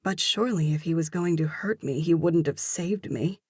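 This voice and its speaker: A woman narrating a romance novel in first person with steady storytelling. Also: low voice, normal speed, husky, no room sound, clean studio sound. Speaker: audiobook narrator.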